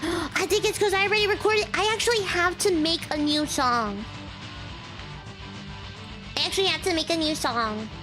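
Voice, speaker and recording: A woman's voice: very high voice, normal speed, long pauses, over music. A woman streaming a story game, reading the lines aloud and breaking off into exasperated comments.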